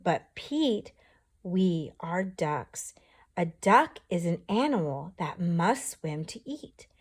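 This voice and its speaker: A woman voicing a patient, gentle mother duck in a storybook, explaining softly in a half-whisper. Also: mid-range voice, big pitch swings, slow pace.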